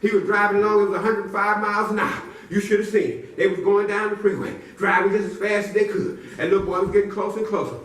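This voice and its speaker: A male storyteller spins a silly tale with playful build-ups and questions thrown to the audience, his voice bright and a little high. He sounds distant, in an echoey room with faint background noise. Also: fairly even intonation, fast, hardly any pauses. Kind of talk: animated storytelling to a live audience.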